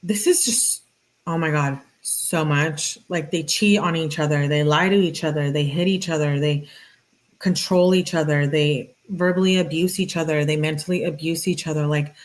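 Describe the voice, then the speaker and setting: Low-voiced woman reading texts aloud. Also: fairly even intonation, normal speed, rough recording. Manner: casual, conversational, with filler "like". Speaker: channel host. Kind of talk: reading text messages aloud with casual commentary.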